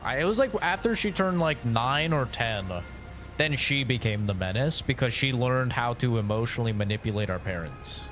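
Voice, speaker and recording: A man's voice: mid-range voice, expressive, normal speed, a bit bright, faint music behind. A young man chatting on a gaming stream, telling crude, profane, rambling stories. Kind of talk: casual stream chat.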